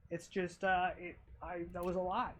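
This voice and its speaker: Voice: medium pitch, flat delivery, moderate pace, a little hiss or hum. A game streamer casually talking through their own live gameplay, swearing freely and reacting to what happens on screen. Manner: casual, profane, reacting to play.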